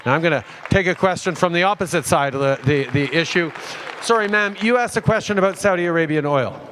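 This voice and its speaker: A man answering audience questions at a town hall, halting and restarting with many fillers. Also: fairly high pitch, a bit bright, a little hiss or hum.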